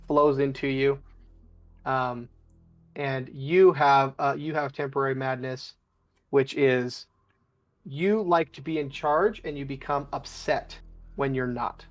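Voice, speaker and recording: A man running a tabletop game as game master, describing scenes in a halting way with frequent restarts. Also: mid-range voice, steady tone. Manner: halting, with many restarts and fillers.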